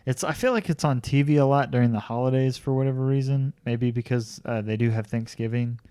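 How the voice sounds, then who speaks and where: A man's voice: mid-range voice, fairly quick, warm tone, clean tone, no room sound. A man co-hosting a casual podcast chat at home, talking loosely with lots of fillers and jokes. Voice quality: chatty, jokey, lots of fillers. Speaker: podcast co-host.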